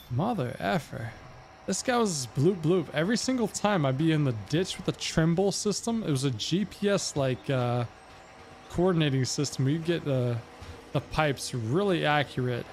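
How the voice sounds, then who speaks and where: A man's voice: on the high side, a little hiss or hum. A man from North Carolina with a slight Southern accent, chatting casually with viewers while narrating his gameplay on a livestream. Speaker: gaming streamer.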